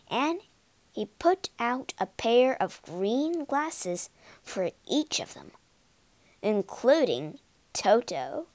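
Slow, expressive woman storyteller. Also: a little high, dry recording. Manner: slow, clear, expressive reading. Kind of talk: storybook read-aloud for English learners.

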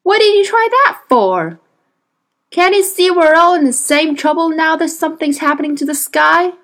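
A woman's voice: very high-pitched, animated, normal speed, fairly bright tone, voice pushed up, exaggerated voice. Woman playing a brusque frontier gunman. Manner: brusque, rough-spoken. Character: gruff rough-spoken male frontier gunman. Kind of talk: audiobook character reading.

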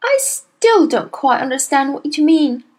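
A woman reading a storybook aloud, voicing a gentle, kindly young teacher who speaks calmly and patiently. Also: high voice, unhurried, pitched above the performer's own voice.

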